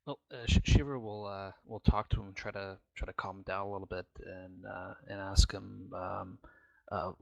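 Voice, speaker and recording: Gravelly man playing a tabletop game. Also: deep voice, steady tone, normal speed, no echo, lo-fi sound. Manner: hesitant, many fillers. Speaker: player.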